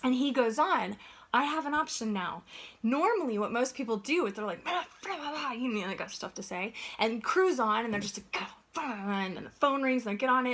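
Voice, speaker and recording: A woman's voice: on the high side, a bit bright. A woman giving an earnest, conversational motivational talk as a life coach, often checking in with "right?".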